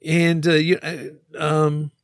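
A man's voice: a little high, monotone, slow pace, dry recording, clean studio sound. A man who teaches English, chatting casually and rambling with fillers and restarts. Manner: rambling, many fillers and restarts, laughs often. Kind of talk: casual podcast chat.

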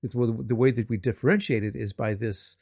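A man's voice: medium pitch, a little fast, a little mellow, husky, no room sound, studio quality. A man discussing language teaching, stumbling over his words and repeating himself, with joking asides. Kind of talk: conversational discussion about teaching.

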